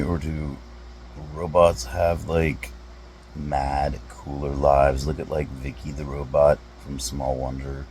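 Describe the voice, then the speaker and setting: A man, a comedy vlogger, rambling through deadpan rhetorical questions with drawn-out pauses. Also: extremely low pitch, slight background noise, low-quality recording. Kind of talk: deadpan musing monologue.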